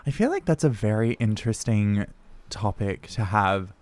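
A man hosting a podcast, chatting in a relaxed, conversational way. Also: on the low side, normal speed, no echo. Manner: relaxed and conversational, with short backchannels. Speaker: podcast host. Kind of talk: casual chat.

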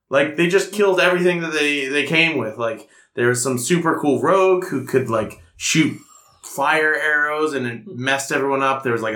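A man's voice: medium pitch, pushed and bright. A young man chatting casually, rambling and self-mocking with lots of fillers as he tells a story. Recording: roomy echoey room.

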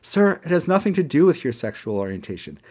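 A man's voice: on the high side, sing-song, fast talker, mellow, voice pushed up. A man voicing a stiff, polite male restaurant waiter in a read-aloud story.

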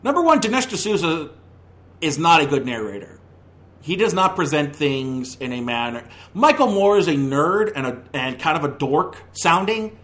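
A man's voice: fairly high pitch, sing-song, normal speed, a bit bright. A man hosting a movie podcast, ranting in a heated, opinionated way, with many stumbling restarts. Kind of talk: casual opinionated review.

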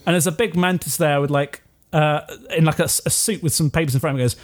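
A man's voice: fairly high pitch, fairly even intonation, quick pace. A man running a tabletop game as game master, narrating casually with lots of fillers.

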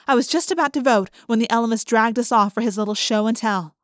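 A woman's voice: on the high side, fast talker, hardly any pauses, no room sound, studio quality. A woman reading a first-person storybook aloud and voicing the emotional dialogue expressively. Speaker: audiobook narrator.

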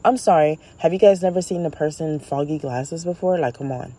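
A woman hosting her own show, talking in a blunt, profane, animated comedic monologue. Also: low-pitched, a little fast, low-quality recording. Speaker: podcast host.

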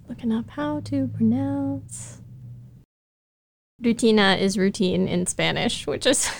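A woman's voice: a little high, lively intonation, slow, creaky, pauses often, slight background noise. A woman co-hosting a casual podcast who chats in an easygoing way and reads recaps. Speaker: podcast co-host.

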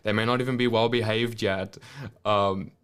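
A man's voice: lowish voice, fairly even intonation, moderate pace, a bit bright, clear, resonant tone. A man hosting a podcast interview, reading viewer questions and reflecting aloud, building his points with rhetorical questions. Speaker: podcast host.

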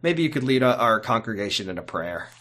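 A man's voice: fairly low pitch, very animated, a little fast, a bit bright. A man co-hosting a casual podcast, rambling playfully and tripping over his own sentences. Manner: rambling, self-interrupting, playful. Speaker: podcast co-host.

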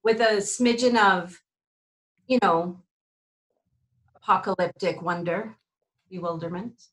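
A woman co-hosts a relaxed podcast with a bright, lively voice. She answers playfully and at length. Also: fairly low pitch, takes it slowly, low-quality recording. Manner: playful, expansive. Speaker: podcast co-host. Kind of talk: casual podcast chat.

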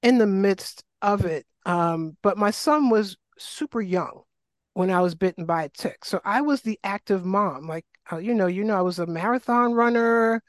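A middle-aged woman from New York, a guest telling her life story in a casual interview, animated and full of fillers. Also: medium pitch, moderate pace, no echo. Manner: animated, acts out quoted voices, frequent fillers. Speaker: guest, wellness coach.

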